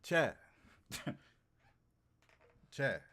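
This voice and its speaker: A man casually chatting to his livestream audience, animated and slangy, repeating phrases for emphasis. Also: drawn-out words. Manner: slangy and profane. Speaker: streamer.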